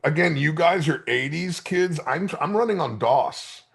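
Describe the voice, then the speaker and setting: Over the noise of a loud crowd, a podcast host in his fifties speaks at a measured pace in a slightly high voice with vocal fry. He tells stories to his friends in a casual, animated, profane and joking way.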